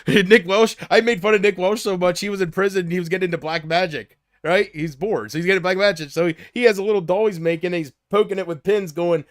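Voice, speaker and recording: A man's voice: high voice, a little fast, no echo, studio quality. A man chatting casually on a livestream, rambling from thought to thought and often trailing off.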